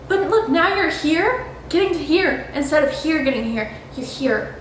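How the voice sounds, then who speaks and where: A high-voiced woman gives a motivational talk on her own vlog. She is blunt and emphatic, swears freely and speaks straight to the listener. The room is very echoey, with a faint hiss of noise behind her. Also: fairly quick. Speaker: vlog host.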